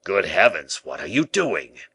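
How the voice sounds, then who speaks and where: A man's voice: extremely low pitch, expressive, measured pace, pushed and bright, breathy edge, voice pushed down, full character voice. A man voicing a frightened, flustered prison governor in an audiobook, his lines full of panicked exclamations. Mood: panicky. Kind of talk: audiobook character reading.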